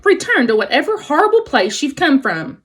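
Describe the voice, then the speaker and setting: A woman's voice: big pitch swings, normal speed. A woman voicing a small, frightened male weasel in a storybook read-aloud. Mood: scared. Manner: squeaky, fearful.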